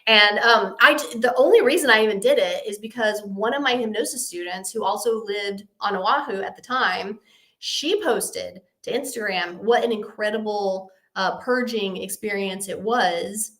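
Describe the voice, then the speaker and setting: This woman, speaking at a normal pace in a mid-range voice, hosts a live stream and recounts a story. She's casual, animated and self-mocking, playing both parties in the exchange herself.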